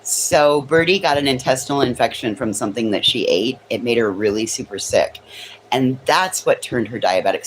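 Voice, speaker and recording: Woman, very deep voice, lively pitch, sarcastic, casual livestream chat, faint room noise. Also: moderate pace, rough recording. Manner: sarcastic, teasing chat commenters. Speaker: livestream host. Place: home near a kitchen.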